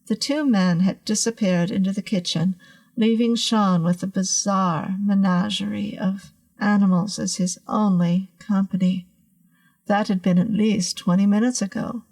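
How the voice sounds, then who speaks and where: A woman narrating a horror story in a measured, suspenseful way. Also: medium pitch, fairly even intonation, a little mellow.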